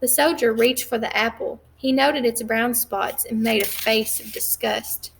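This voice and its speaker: A woman reading a novel aloud at a measured pace, with occasional slips and restarts. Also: on the high side, vocal fry, a bit bright, a little hiss or hum. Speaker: reader.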